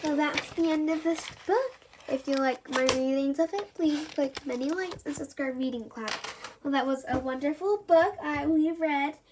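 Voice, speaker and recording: A woman reads a children's storybook aloud for her channel. Her voice is high, and she reads it lively, with the odd slip and restart. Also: moderate pace, background noise. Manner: lively read-aloud, with small slips and restarts. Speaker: storybook reader. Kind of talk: reading a children's book aloud.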